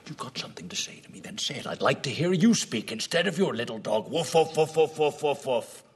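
An actor playing a bitter, ruthless oil-baron father disowning his son, with cold hissing menace that bursts into shouts. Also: medium pitch, expressive, very fast, breathy edge, heavily acted. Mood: mocking. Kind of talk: amateur film scene re-enactment.

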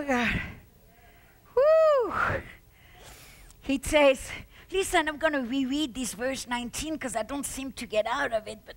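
Woman pastor, fiery sermon delivery, high bright voice, slow deliberate pace. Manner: fervent preaching with shouts and exclamations; repeats words for emphasis.

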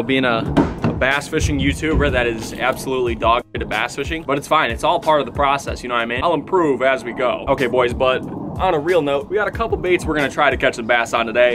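A man of about twenty, a fishing vlogger, chatting casually outdoors by a pond in a joking, rambling way that turns excitable. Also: mid-range voice. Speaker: bass fishing YouTuber. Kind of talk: casual vlog chat.

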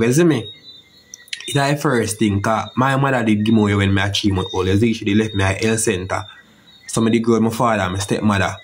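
A young Jamaican man recounting a painful personal story in a halting, rambling way, constantly asking "you see me". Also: mid-range voice, a little hiss or hum. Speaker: interviewee telling his story. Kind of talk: emotional personal account.

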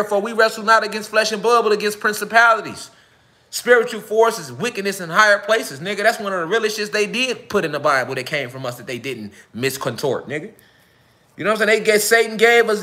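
A man's voice: high-pitched, pushed and bright. A man giving an unscripted live speech to his followers, heated and profane, with lots of repetition and street slang. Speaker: self-styled spiritual speaker.

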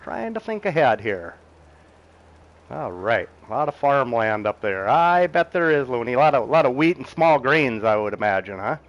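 This game streamer, a middle-aged man, talks his way through a farming game while reading chat, laughing a lot and thinking aloud about his next task. His mid-range voice is expressive and brisk, with few pauses. The recording sounds dull.

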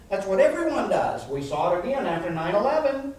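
A man's voice: sits high, a little fast, hardly any pauses. Man preaching in an echoey hall. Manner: animated preaching, calls out "amen?" to the congregation. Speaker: pastor. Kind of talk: sermon. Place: church sanctuary. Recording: echoey church hall, mic from far off.

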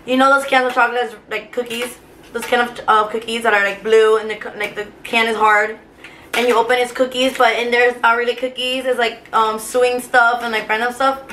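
Young woman vlogger, higher voice, rambling emotional chat with lots of fillers, light noise behind. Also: pushed and bright. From Cuba. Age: 20s. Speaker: vlogger, teacher. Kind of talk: casual chat to camera. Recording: faint background noise.

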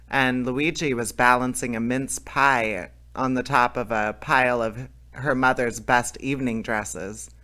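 A man reading a storybook aloud as narrator, telling it in a steady, plain way. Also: mid-range voice.

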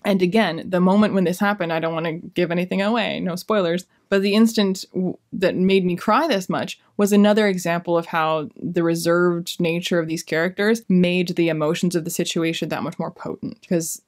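A woman's voice: on the low side, steady tone, fairly quick. Gushing young woman reviewing books. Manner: enthusiastic, gushing. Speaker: book reviewer. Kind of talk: casual book review vlog.

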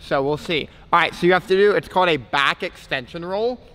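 A man's voice: a little high, brisk, fairly bright tone. A young man coaching his girlfriend through gymnastics tricks in a casual vlog, confident and teasing. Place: gym.

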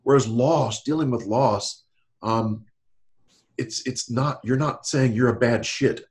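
A middle-aged man takes it slowly in a mid-range voice, talking in a counseling manner on an informal podcast. He's animated and often breaks into laughter, dramatizing quotes in a raised voice.

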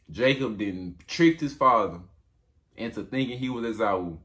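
A man's voice: mid-range voice, moderate pace, over music. A man casually retelling a Bible story to listeners in a conversational way.

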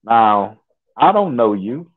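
A man from Nebraska, a guest in an interview, telling a personal story in an unhurried, detailed, conversational way. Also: mid-range voice, big pitch swings. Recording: tinny phone line.

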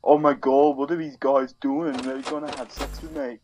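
A man's voice: medium pitch, level tone, normal speed, darkish tone, faint music behind. A man hosting a casual gaming session with friends, jokey and teasing.

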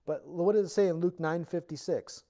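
A man pastor giving a verse-by-verse Bible teaching in church, earnest and explanatory, rising loud when reading scripture aloud. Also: a little high, normal speed.

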